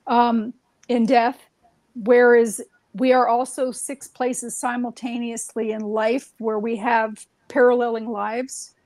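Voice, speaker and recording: A woman's voice: on the high side, a little mellow, dry recording, low-quality recording. A woman telling stories in a casual, rambling way, full of "um"s and restarts. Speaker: guest. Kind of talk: casual conversational storytelling.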